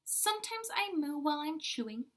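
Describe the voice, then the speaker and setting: A woman voicing a gentle dairy cow in a storybook read-aloud, slow and sing-song. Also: high-pitched, big pitch swings, voice pushed up. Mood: friendly.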